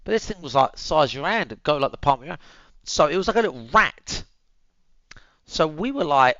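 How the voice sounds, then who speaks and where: A man's voice: on the high side, sing-song, brisk, sharp tone, no room sound, lo-fi sound. A young man, telling a story to his viewers in casual chat, swearing freely and calling them boys and bro, muttering asides while he tends his dog. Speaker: streamer.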